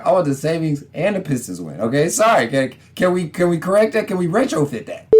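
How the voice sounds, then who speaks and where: A lively man talks sports on his podcast. He chats casually and slangily, and his voice sits a bit high. It swings widely in pitch as he laughs and mimics people. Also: slightly rough. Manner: animated, laughing, slangy, puts on quick voices for others. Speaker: podcast host.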